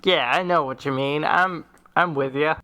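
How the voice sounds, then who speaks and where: A man's voice: a little high, moderate pace, crowd noise, lightly acted. A man voicing a male swamp goblin who is eager to impress and tries to sound tough. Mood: agreeable.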